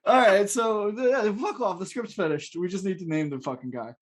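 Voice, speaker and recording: A man's voice: high-pitched, normal speed, very noisy. A man co-hosting a podcast, reading stage directions from a script and chatting in a crude, joking way, often laughing. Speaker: podcast co-host. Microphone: podcast mic.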